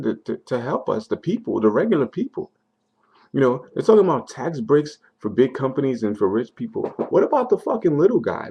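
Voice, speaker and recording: Angry young man vlogging on a dull lo-fi webcam, gravelly and husky, a frustrated rant full of swearing. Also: medium pitch, darkish tone. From United States. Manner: frustrated, swearing, repeats himself. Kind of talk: angry video diary rant.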